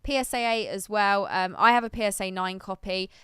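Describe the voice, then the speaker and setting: A woman's voice: mid-range voice, steady tone, a little fast, a bit bright, clean tone, no echo, clean studio sound. A woman co-hosting a live stream, chatting casually and thinking aloud with plenty of ums. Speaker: stream co-host.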